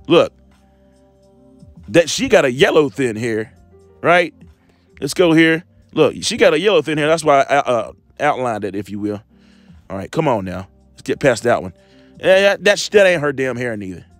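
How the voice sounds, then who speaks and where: A man preaching an informal, rambling sermon, swearing often, tacking "man" onto his lines and slowing right down to read scripture aloud. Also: mid-range voice, dry recording. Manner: rambling, profane, confrontational, repeats "man"; reads scripture slowly and deliberately. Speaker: street preacher.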